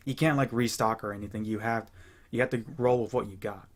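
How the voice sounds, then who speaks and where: A young man chatting casually as host of a gaming channel, rambling and relaxed with many fillers and restarts. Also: fairly low pitch, brisk. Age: young adult. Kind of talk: casual chat.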